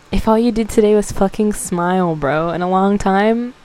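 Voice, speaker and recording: A woman's voice: mid-range voice, unhurried, darkish tone, poor audio. A young woman hosting a podcast, giving a casual motivational talk, emotional and close to tears, swearing and laughing as she goes. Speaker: podcast host.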